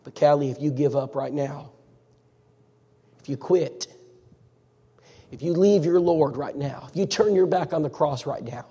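A man voicing a calm older church elder who speaks softly and slowly to reassure. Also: fairly high pitch, breathy edge, big-room sound. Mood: gentle. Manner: soft, slow, reassuring.

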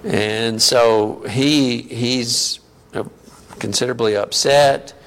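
Slow, gravelly-voiced male preacher. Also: mid-range voice, steady tone, a bit bright. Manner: conversational teaching, asks the audience questions. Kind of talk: sermon.

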